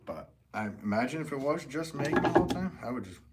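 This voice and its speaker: A man's voice: medium pitch, big pitch swings, fairly quick, very noisy. A man chatting casually while he works during a live stream from his pottery studio, rambling, full of fillers, and laughing often.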